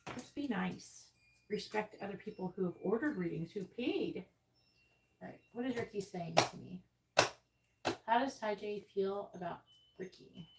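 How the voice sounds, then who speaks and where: A woman's voice: medium pitch, lively intonation, a little slow, long pauses, noisy background. Blunt, profane woman tarot reader. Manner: blunt, profane, exasperated ranting. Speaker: tarot reader hosting a livestream. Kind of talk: casual livestream talk. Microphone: earbuds.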